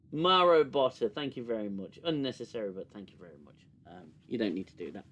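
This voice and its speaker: A British man hosts a casual livestream, talking straight to his viewers. He rambles, stops and restarts, and fills his pauses with ums. His voice sits at an ordinary middle pitch. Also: animated, fairly bright tone. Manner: rambling, many fillers and restarts. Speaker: livestream host.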